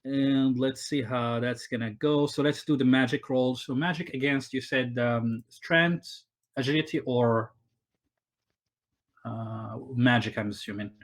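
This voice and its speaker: A man's voice: medium pitch, measured pace. Casual rambling male game master. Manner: rambling, with many fillers and restarts. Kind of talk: narrating a tabletop game. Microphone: online voice call.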